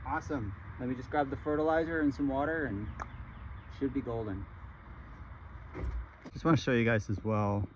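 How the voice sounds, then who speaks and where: A man's voice: medium pitch, moderate pace, long pauses, dull audio, a little hiss or hum. Laid-back man vlogging from his garden. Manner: relaxed, chatty, laughs easily, many ums. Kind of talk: casual how-to vlog. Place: outdoor garden in the morning.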